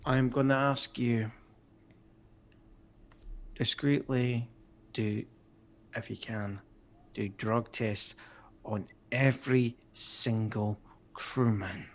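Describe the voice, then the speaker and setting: A man speaking in character in a tabletop game, slow, measured and quiet. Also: mid-range voice, steady tone.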